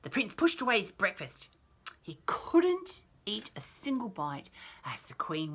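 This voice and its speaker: Storyteller: woman reading a picture book aloud, bright, lively pitch, chatty and giggly. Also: unhurried, breathy edge.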